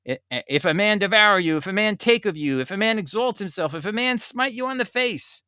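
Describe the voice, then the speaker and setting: A man delivers bible commentary in a bright, forceful voice pitched a little high. He reads scripture slowly, then argues with emphatic conviction. The sound is dry and close, with no room echo. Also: animated, clear, resonant tone. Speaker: religious commentator.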